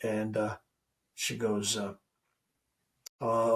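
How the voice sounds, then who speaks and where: An older man with a gravelly, creaky voice tells a story as a podcast guest. He sits at a middle pitch and stays animated, acting out the exchanges in his story. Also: moderate pace. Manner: animated, acts out dialogue in retellings. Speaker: guest, reverend.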